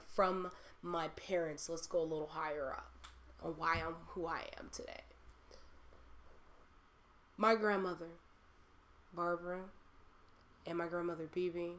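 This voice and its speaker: Young woman, host, low-pitched, heartfelt, rambling, lots of fillers. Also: a little hiss or hum. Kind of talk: personal monologue.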